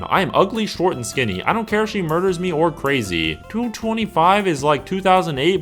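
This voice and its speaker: A man reads meme captions aloud in a deadpan way, his fairly high voice swinging widely in pitch from line to line. Faint music plays underneath. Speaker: meme compilation narrator.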